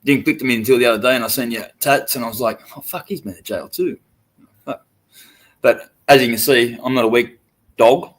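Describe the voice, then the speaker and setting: A man's voice: medium pitch, fairly even intonation, brisk. A young Australian man livestreaming, talking to his chat in a profane, taunting and swaggering way. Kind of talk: live stream rant to chat.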